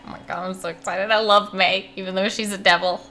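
A woman reacting to an animated short, gushing and excitable, swearing freely. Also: medium pitch, fast, a little hiss or hum. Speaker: video reactor. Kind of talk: reaction commentary.

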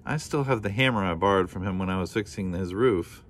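A man's voice: low-pitched, a little fast, slight background noise, natural voice. A helpful female camel from a children's story who always wants to fix things, voiced by a man reading aloud. She speaks in a lifted, chirpy, concerned voice.

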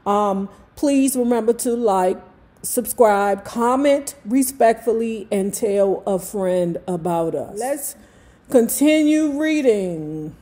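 A woman's voice: mid-range voice, animated, warm tone. A woman in her fifties from Washington, D.C., with a thick D.C. accent, hosting a book club. She reads aloud and breaks off into chatty, joking asides. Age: 50s. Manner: slow, drawling, chatty, jokey. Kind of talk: casual reading with chatty asides.

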